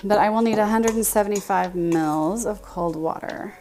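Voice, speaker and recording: A woman's voice: mid-range voice, normal speed. A woman in her thirties chatting casually with her live-stream viewers while baking in her home kitchen, answering chat and laughing often. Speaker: livestream baking host.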